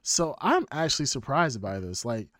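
A man hosting a casual podcast chat, telling stories in an animated, rambling way. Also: medium pitch, moderate pace, a loud crowd. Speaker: podcast host.

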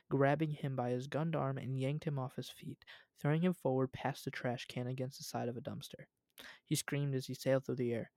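Young male host reading his own story aloud. Casual and relaxed, mid-pitched voice, dry close sound. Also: dry recording.

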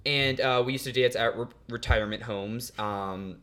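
A man's voice: mid-range voice, normal speed, a bit bright. A teenage boy, a guest on a podcast, telling a story in a rambling, casual way. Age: teens. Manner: rambling, many fillers.

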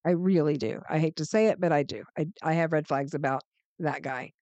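A woman's voice: sits low, fairly quick, darkish tone, no echo, lo-fi sound. A woman co-hosting a podcast, chatting casually about reality TV, agreeable and frank in her opinions. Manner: agreeable, frank, many "mm-hmm"s. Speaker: podcast co-host. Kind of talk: casual chat recapping reality TV.

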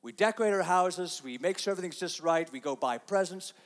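Guy preaching in church, kinda high voice, big echoey hall, goes quiet then loud. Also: expressive. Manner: conversational preaching, swinging from soft and slow to loud and emphatic. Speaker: pastor. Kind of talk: sermon. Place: church sanctuary.

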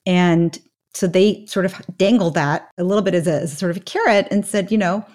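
A woman's voice: lowish voice, steady tone, fairly quick, a little mellow. Reflective storytelling woman in her fifties. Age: 50s. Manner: reflective storyteller, frequent "you know" asides. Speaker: guest author. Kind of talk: conversational podcast interview.

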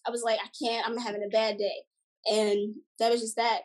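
A young woman with a high, light voice tells a story in casual podcast chat. She restarts her sentences often and breaks into laughter between them. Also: level tone, a little fast. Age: 20s. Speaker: podcast guest.

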